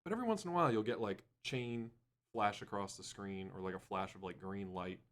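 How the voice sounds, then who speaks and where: A man's voice: fairly low pitch, brisk, fairly bright tone. A man hosting a casual podcast, laughing and steering the discussion. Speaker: podcast host.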